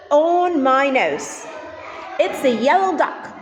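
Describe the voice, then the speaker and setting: A woman teaches young children English in a playful, sing-song way. Her voice is high and she speaks slowly, stretching her words. The room is echoey, with steady background noise. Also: faint music behind. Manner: slow, exaggerated, sing-song teacher delivery. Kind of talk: kids' lesson with songs.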